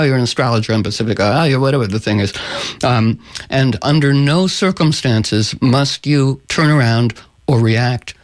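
A man's voice: medium pitch, lightly acted. A humble old hermit dervish, pleased to be asked at last, gives earnest and slightly rambling counsel, as a man telling a folktale puts him on. He sounds close to an everyday voice.

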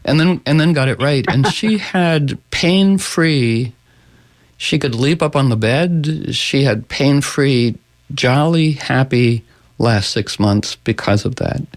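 Rambling, animated radio host, man. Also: mid-range voice, slow pace, no echo. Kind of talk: casual chat.

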